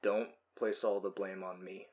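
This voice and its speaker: A man voicing a weary, resigned male hero in custody, speaking quietly. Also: sits low, flat delivery, unhurried, muffled recording.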